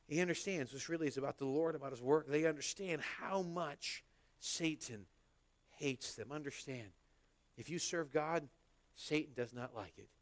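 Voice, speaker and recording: Animated high-voiced man preaching a sermon. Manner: conversational and animated, acting out little exchanges. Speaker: pastor. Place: church sanctuary.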